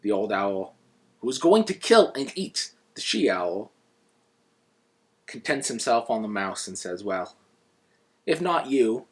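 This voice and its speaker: A man reviewing a book in a casual, conversational way and retelling the stories as he goes. His voice is low and husky, and he sometimes restarts a phrase mid-sentence. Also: animated, a little slow, long pauses.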